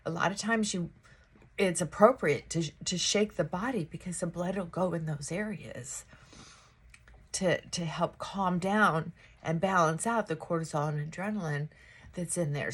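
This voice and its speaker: A woman talks through her morning routine at home in a slow, unhurried way, chatting to the camera as she gets ready. Her voice is a little husky, and she breaks off now and then to speak to her dog. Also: lowish voice. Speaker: vlogger. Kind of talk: casual morning chat while getting ready.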